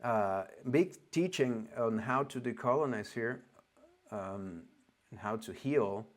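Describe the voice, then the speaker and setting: Spiritual teacher, male, Oregonian accent, non-native English, slow and halting delivery, lowish voice. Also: expressive. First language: not English. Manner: halting, searching for words, frequent restarts. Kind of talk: loose spoken lesson.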